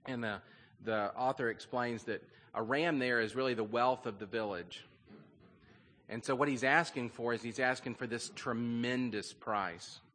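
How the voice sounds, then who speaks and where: A man's voice: mid-range voice, moderate pace, fairly bright tone. A man preaching a sermon, telling a story in an earnest, conversational way with frequent fillers. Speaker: pastor. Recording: long reverb of a large hall.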